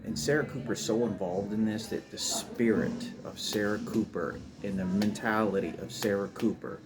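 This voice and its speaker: Deep-voiced man, emotional rambling monologue, restarts often, noisy ambience behind. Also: fairly even intonation, moderate pace. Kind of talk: personal storytelling monologue.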